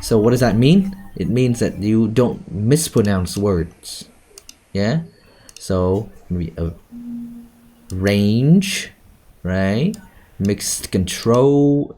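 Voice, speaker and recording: A man's voice: fairly low pitch, warm tone, breathy edge. A male English teacher, teaching an online class over a video call and checking in with "okay?" and "right?" all the time. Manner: questioning, repeats "okay?" and "right?".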